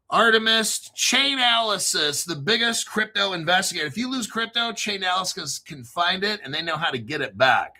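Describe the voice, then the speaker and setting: A man with a high, pushed, bright voice hosts a casual crypto livestream. He rambles through long lists of names and swears freely while chatting with viewers.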